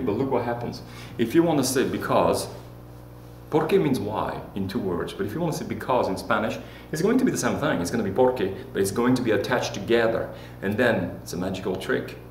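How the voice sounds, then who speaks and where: A man teaching a lesson, playful and joking, leading repeat-after-me drills. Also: on the low side. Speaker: Spanish teacher. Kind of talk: classroom lesson. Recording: roomy echo with faint hum.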